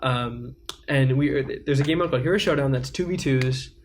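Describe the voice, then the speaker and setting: A man's voice: mid-range voice, moderate pace, slight background noise. Rambling teenage boy telling a story. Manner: rambling, many fillers. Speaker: podcast co-host. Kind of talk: casual storytelling chat.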